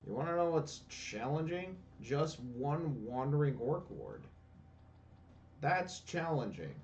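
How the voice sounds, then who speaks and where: A man's voice: fairly high pitch, animated, slow, a little mellow, recorded from a distance, lo-fi sound, slight background noise. A man giving casual let's-play commentary, ranting and swearing sarcastically about the game. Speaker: gameplay commentator. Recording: voice a bit off-mic, faint game music.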